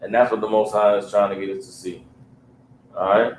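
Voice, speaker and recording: A man's voice: lowish voice, steady tone, a little fast. Emphatic man preaching in echoey room. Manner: emphatic, keeps asking listeners if they understand; blunt street-level talk. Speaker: Bible class teacher. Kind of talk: preaching a livestreamed scripture class. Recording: roomy echo with faint hum.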